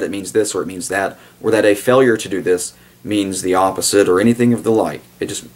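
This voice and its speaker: Husky low-voiced man ranting on camera. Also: a little mellow. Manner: digressive, blunt, sarcastic asides; breaks into mock voices for quotes. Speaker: video commentator. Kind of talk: casual commentary monologue.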